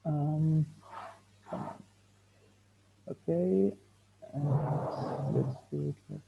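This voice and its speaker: A man runs the technical side of an online event and mutters to himself as he works. His voice is gravelly and slow, and it comes through dull lo-fi call audio with faint noise behind it. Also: on the high side, wildly swooping pitch. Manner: muttering to himself while working. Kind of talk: casual chat.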